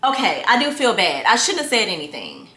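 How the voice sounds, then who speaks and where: A young woman speaking fairly quickly in a mid-range voice tells stories animatedly in a casual vlog, addressing her viewers directly. She's a lifestyle vlogger, and the echoey room shows in the recording.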